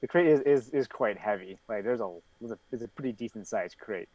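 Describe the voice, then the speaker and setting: A man narrating as game master, halting and filling pauses as he describes the scene. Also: medium pitch, a little mellow, slight background noise, rough recording. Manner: hesitant, halting narration with fillers.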